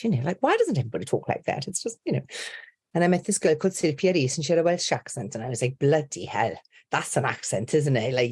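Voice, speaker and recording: A middle-aged woman from England speaks with an English accent in a low, deep register. She chats animatedly as a podcast guest, telling stories with plenty of energy. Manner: chatty, animated storyteller. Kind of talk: casual interview chat.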